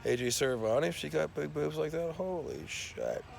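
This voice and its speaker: A man's voice: on the high side, wildly swooping pitch, normal speed, creaky, slight background noise. A man delivering a profane, rambling comic rant full of fillers and restarts. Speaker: self-described scientist.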